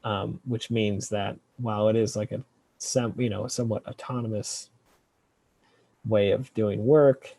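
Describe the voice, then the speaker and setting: Gravelly, husky low-voiced man. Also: a little slow, no room sound. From California. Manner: relaxed, hesitant, many fillers and restarts. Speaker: kelp researcher guest. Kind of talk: casual interview answers.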